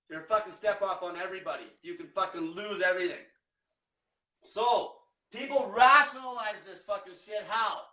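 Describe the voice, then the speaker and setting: A man's voice: sits high, pushed and bright. A young man giving a blunt, profane motivational rant as a diet coach, swearing constantly. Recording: echoey room, mic at a distance.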